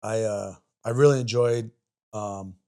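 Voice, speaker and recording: A man's voice: fairly low pitch, fairly even intonation, a little slow, dark tone. A man in his forties, a podcast guest and army veteran, telling stories in a rambling, profane way with lots of fillers and restarts. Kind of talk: casual storytelling chat.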